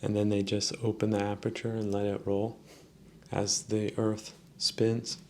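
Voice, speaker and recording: A man hosting a podcast, musing in a slow, preachy mock-sermon monologue with a gravelly voice. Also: fairly low pitch, completely flat delivery, darkish tone, slight background noise. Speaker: podcast host. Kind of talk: rambling comedic monologue.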